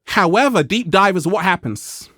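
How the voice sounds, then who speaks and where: Lively, playful male vlog host. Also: moderate pace, no room sound, clean studio sound. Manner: playful and animated, laughing, acting out quoted people in a high voice. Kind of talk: motivational talk to viewers.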